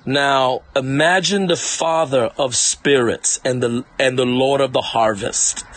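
A man's voice: mid-range voice, steady tone, unhurried, a bit bright, no room sound. A man preaching an online sermon, repeating lines emphatically and addressing listeners directly.

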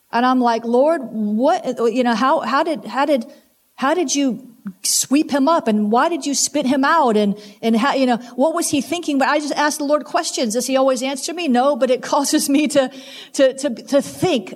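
A woman preaching a sermon, emphatic and full of repeated exhortations. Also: sits high.

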